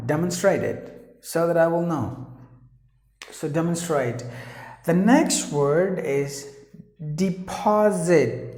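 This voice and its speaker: A man with an Indian English accent teaching pronunciation, spelling out sounds and repeating words slowly and earnestly. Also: a little high, a little mellow, echoey room. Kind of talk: pronunciation lesson. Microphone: camera operated by his wife.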